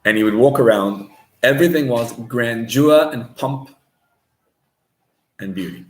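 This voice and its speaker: A man, a rabbi, preaching a sermon as an animated storyteller who mixes in Hebrew and Yiddish words. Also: medium pitch, measured pace. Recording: roomy echo.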